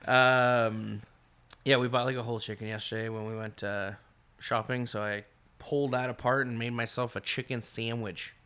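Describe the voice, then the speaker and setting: A man's voice: medium pitch, little pitch movement, moderate pace, pushed and bright, smooth. A man co-hosting a casual podcast chat, loose and laughing, swearing casually. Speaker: podcast co-host.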